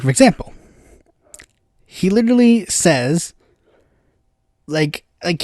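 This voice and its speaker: A man's voice: on the high side, dark tone, no room sound, studio quality. A man hosting a casual political commentary podcast, rambling with lots of fillers and bursts of exasperated impressions.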